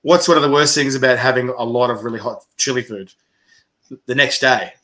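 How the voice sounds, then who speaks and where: A man's voice: medium pitch, brisk, bright, forceful tone. A man hosting a casual chat, telling stories animatedly with swearing and frequent laughter. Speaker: interviewer host.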